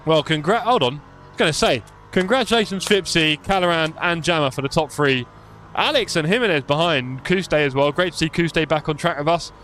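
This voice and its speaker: A man's voice: fairly high pitch, brisk, fairly bright tone, a little hiss or hum. A young man live-streaming sim racing, chatty and self-mocking, calling the race as he drives.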